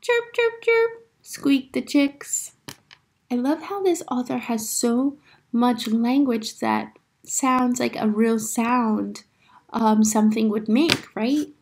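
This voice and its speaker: A woman teacher reads a picture book aloud to a class of children, her voice pitched high and her delivery slow and unhurried. She acts out every sound word with energy and keeps stopping to ask the children questions. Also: steady tone, darkish tone, husky.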